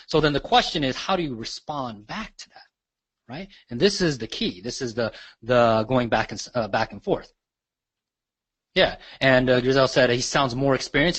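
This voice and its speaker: A man with a husky, breathy voice teaches real estate agents, talking them through a recorded phone call. He keeps checking in with his listeners, ending almost every point with "right?". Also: mid-range voice, a bit bright. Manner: tags nearly every sentence with "right?". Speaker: real estate sales coach. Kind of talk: teaching a webinar.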